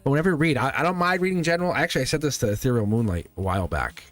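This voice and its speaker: A man's voice: medium pitch, expressive, rapid-fire, a bit bright, no echo. A man hosts a live tarot stream, talking in a loose, rambling way that keeps circling back to reassure his viewers. He checks in with the audience over and over. Faint music plays underneath his voice. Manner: loose, rambling, encouraging, often checking in with "right?". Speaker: tarot reader and channel host.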